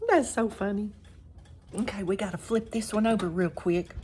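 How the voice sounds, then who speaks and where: A woman's voice: mid-range voice, fairly even intonation, normal speed, a little mellow, slight background noise. An older woman, chatting directly to viewers while cooking and tasting food in her home kitchen. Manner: chatty, talks straight to viewers, eats on camera. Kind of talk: casual cooking vlog.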